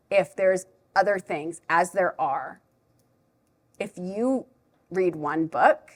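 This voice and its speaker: Chatty woman teacher talking to parents. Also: medium pitch. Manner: chatty, animated, self-deprecating. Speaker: preschool teacher presenting to parents. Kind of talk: live talk to an audience. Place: library event room.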